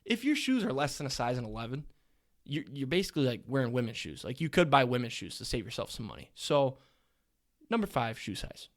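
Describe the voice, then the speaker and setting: A man's voice: mid-range voice, sing-song, brisk. A young man hosting a sports podcast on his own, chatting casually with rambling, crude jokes. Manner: joking, rambling, crude humor. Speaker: podcast host.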